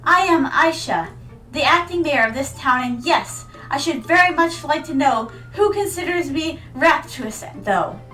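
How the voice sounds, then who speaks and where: A woman's voice: high-pitched, animated, a little slow, bright, forceful tone, reverberant, distant mic, full character voice, poor audio. A woman voicing a haughty young acting mayor in a game, reading her lines aloud. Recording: mic set back, music behind.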